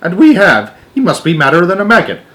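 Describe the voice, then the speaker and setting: A man's voice: sits high, wildly swooping pitch, fairly quick, a bit bright, voice pushed up, heavily acted. A man voicing a nervous, fawning male chief spy who talks in a twitchy, eager way.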